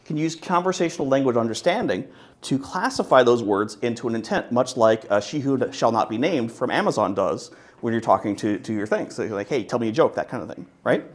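A man's voice: mid-range voice, animated, a little fast. A man giving a live talk at a tech meetup, upbeat and joking, with many fillers. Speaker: conference speaker. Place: meetup presentation room.

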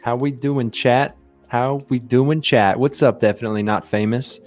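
This is an excitable young man hosting a live game stream. He chats fast and loosely, jumping between the game and his viewers. There is faint music under his voice. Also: mid-range voice. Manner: excitable, chatty, greets viewers rapidly. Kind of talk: casual live-stream chat.

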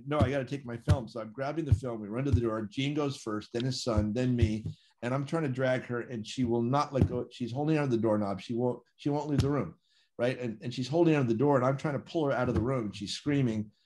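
A man telling a gripping first-person story in an animated, vivid way, acting out quoted dialogue. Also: mid-range voice, a little hiss or hum. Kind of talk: conversational storytelling.

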